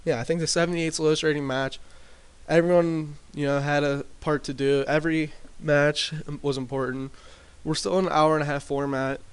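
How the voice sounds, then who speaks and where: A man's voice: fairly high pitch, flat delivery, normal speed, smooth. Rambling man recapping a wrestling sim. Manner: rambling, filler-heavy recap. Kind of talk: casual commentary over gameplay. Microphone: desk mic with boosted gain.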